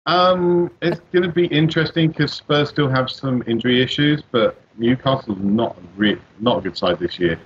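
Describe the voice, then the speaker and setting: A man, a betting tipster, relaxed and quick to laugh in a casual panel chat. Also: mid-range voice, slightly rough, muffled recording.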